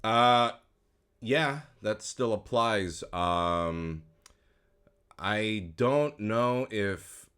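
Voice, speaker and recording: A man in his thirties, a voice actor, giving casual commentary in a relaxed, rambling way, with many fillers and trailing-off phrases. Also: fairly low pitch, very slow. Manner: says his own speech is not super crisp. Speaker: voice actor and YouTuber.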